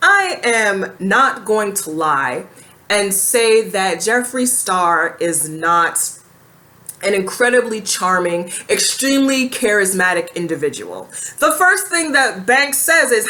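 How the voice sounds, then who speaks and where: Bright-voiced sassy woman commentator. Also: mid-range voice, big pitch swings, slow. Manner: sassy, blunt, piles up rhetorical questions. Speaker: YouTube reaction commentator. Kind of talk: casual reaction commentary.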